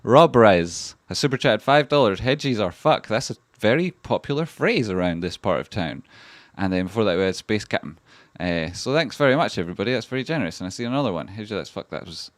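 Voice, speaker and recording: A man's voice: on the low side, lively intonation, brisk, few pauses, dry recording. A Scottish man hosting a casual livestream, talking over charts with a rambling manner and plenty of swearing. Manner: heavy swearing, rambling and chatty. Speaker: livestream host.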